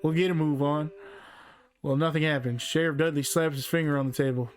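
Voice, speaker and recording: A man's voice: on the high side, fairly even intonation, a little fast, faint music behind. A man playfully reading a text game aloud as a game streamer, laughing as he goes.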